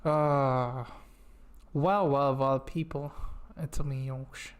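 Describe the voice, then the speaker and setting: A man in a casual live-stream chat, playful and self-mocking, apologizing often and trailing off into drawn-out fillers. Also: mid-range voice, steady tone, clear, resonant tone.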